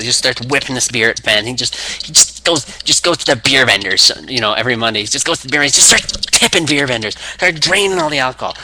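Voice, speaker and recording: A man's voice: medium pitch, pushed and bright, slight background noise, low-quality recording. A young man rambling through a fantasy wrestling booking idea, with many restarts, acting out quotes. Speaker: wrestling fan video maker.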